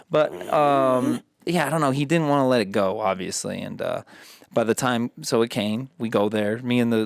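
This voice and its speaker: A man hosting a casual podcast, telling stories in an animated way and swearing freely. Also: medium pitch, no room sound, clean studio sound. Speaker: podcast host.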